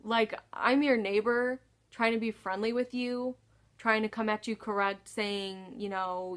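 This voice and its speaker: A woman's voice: a little high, steady tone, a little slow, fairly bright tone, clean tone. A woman vlogger telling a story in a casual, exasperated way, sighing often and swearing freely.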